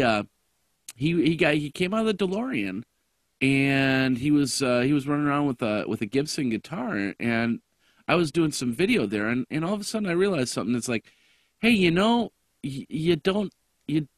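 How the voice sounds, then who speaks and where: A man hosting a casual tech podcast, his voice raspy and hoarse from a cough, rambling with lots of fillers and restarts. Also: medium pitch, expressive, moderate pace, no echo, studio quality. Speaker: podcast host.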